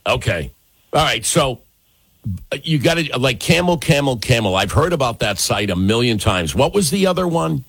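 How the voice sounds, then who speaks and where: A man's voice: normal speed, gravelly, husky, no room sound. A man hosting a radio show, chatting and teasing his guest in a casual way. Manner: chatty, teasing, lively pitch swings.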